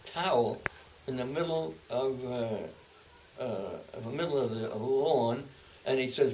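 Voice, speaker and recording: A man in his eighties telling stories from his past at home, halting and repeating words as he goes. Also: medium pitch, darkish tone. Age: 80s. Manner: halting, repeats words and restarts, then speeds up. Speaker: interviewee, veteran. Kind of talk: oral-history storytelling. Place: home, indoors. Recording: distant mic with faint hiss.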